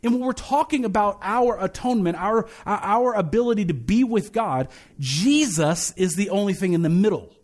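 A male pastor preaching in a relaxed, conversational way, with a fairly high voice. He jokes, trips over and repeats his words, and slows right down when reciting a statement of faith. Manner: casual, joking, restarts and repeats words; recites the creed slowly and deliberately. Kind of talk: conversational sermon.

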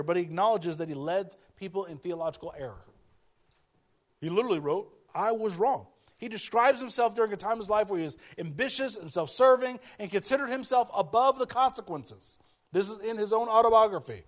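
A male pastor preaching a sermon in a conversational way, repeating key phrases and acting out quoted voices. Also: high voice.

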